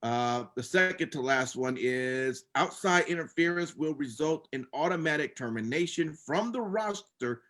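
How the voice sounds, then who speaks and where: A man's voice: on the high side, animated, normal speed, few pauses, fairly bright tone. A man co-hosting a casual wrestling podcast, reading rules aloud and then rambling with many fillers and restarts. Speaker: podcast co-host recapping wrestling.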